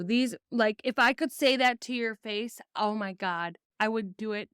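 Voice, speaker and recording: A woman's voice: fairly high pitch, unhurried, few pauses, a bit bright, clean tone, dry recording, studio quality. A woman from the United States hosting a podcast, giving angry political commentary full of swearing and reading news excerpts aloud. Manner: profane, ranting, reads news aloud. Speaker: podcast host.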